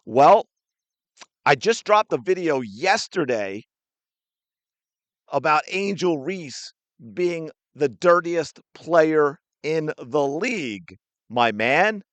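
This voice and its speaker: A man's voice: fairly high pitch, dry recording. A man hosting a sports podcast, ranting with indignant, sarcastic commentary while reacting to a clip.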